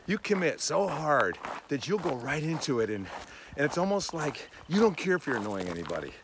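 A man in his sixties hosting a casual chat outdoors, lively and teasing, often laughing. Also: fairly high pitch, fairly quick, noisy background. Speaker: host. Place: outdoors on a hiking trail.

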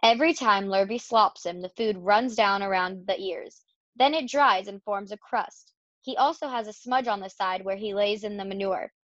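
A woman's voice: medium pitch, moderate pace, fairly bright tone, no room sound, muffled recording, natural voice. A woman voicing a determined, practical farm wife who speaks firmly. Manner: firm, matter-of-fact.

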